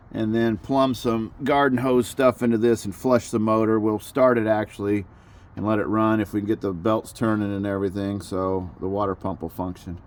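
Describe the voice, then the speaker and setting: Outdoors in a backyard garage area with rain beginning, a dad running a backyard mechanic channel chats casually while fixing a car, cracking self-mocking jokes. His voice is on the low side with a darkish tone.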